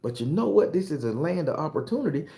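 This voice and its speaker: A man's voice: fairly high pitch, very animated, fast talker, creaky, mellow, reverberant. A man voicing a boastful Irish man who offers to be the police force, blunt and swaggering.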